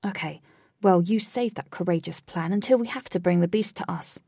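A cocky young warrior barking orders and bragging about his might, voiced by a woman in her own low register. The tone is dark and husky with a gravelly edge. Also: normal speed, dry recording, studio quality. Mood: smirking. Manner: commanding, boastful declarations. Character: boastful young male warrior leader, bossy and cocky.

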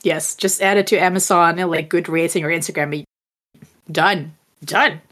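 A woman's voice: lowish voice, fairly even intonation, normal speed, fairly bright tone. A woman co-hosting a podcast in casual chat, rambling and interrupting herself with giggles. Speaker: podcast co-host. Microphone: remote call setup.

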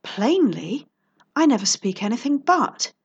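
A woman's voice: fairly high pitch, expressive, moderate pace, muffled recording. A woman voicing a bold female private investigator with a smug, teasing and sultry manner.

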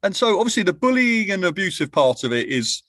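A man hosting a podcast, asking thoughtful, drawn-out interview questions in a casual tone. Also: high-pitched, sing-song, a bit bright, no echo. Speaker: podcast host.

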